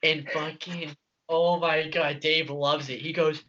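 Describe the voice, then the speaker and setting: A young man co-hosting a casual podcast, laughing and animated while telling work stories. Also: on the high side, moderate pace. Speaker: podcast co-host. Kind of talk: casual storytelling chat. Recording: dull lo-fi podcast audio.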